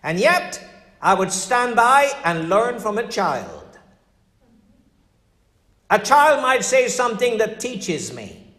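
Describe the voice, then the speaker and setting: An older male pastor preaches a sermon, telling stories conversationally and dropping his voice dramatically for emphasis. His voice is fairly high for a man, a bit bright and very animated, and he speaks slowly with frequent pauses. Long reverb makes it sound like a large hall.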